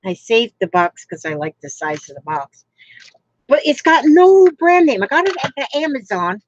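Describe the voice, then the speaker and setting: A woman's voice: on the high side, sing-song, normal speed, highs cut off, slight background noise. A woman from Florida who chats casually while crafting on a livestream and reads out viewer comments. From Florida, United States.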